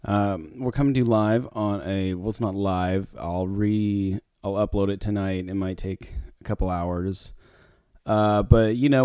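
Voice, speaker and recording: A man's voice: lowish voice, dark tone, no room sound. A man hosting his own podcast, talking casually and rambling, with lots of fillers and restarts, into a close mic. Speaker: podcast host. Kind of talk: casual solo podcast talk.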